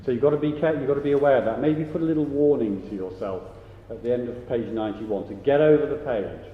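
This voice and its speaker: A man directing a choir rehearsal, briskly giving notes, counting the singers in and singing example phrases. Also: medium pitch, slight background noise. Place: large rehearsal hall. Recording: echoey hall, dull lo-fi sound.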